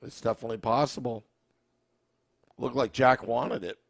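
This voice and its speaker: A man co-hosting a casual hockey podcast, relaxed and wry, talking with fillers as he thinks aloud. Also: mid-range voice, normal speed, vocal fry, no room sound, clean studio sound. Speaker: podcast co-host.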